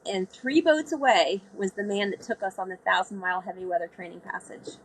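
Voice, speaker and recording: Woman, husky voice, animated storyteller, interview guest, middle pitch. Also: a little fast, rough recording. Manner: animated storyteller, acts out quoted speech. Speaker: guest, sailor.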